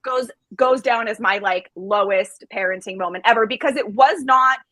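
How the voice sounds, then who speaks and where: A woman guest on a parenting podcast, telling a story in an animated, self-deprecating way and laughing as she goes. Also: fairly high pitch, normal speed, no echo, poor audio. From Israeli family. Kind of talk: casual storytelling.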